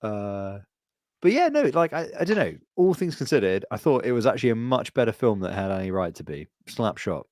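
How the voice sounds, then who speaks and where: Rambling low-voiced man in casual chat. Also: very animated, fairly quick, a little mellow, no room sound, studio quality. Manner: rambling, heavy on "like" and swearing. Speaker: podcast co-host.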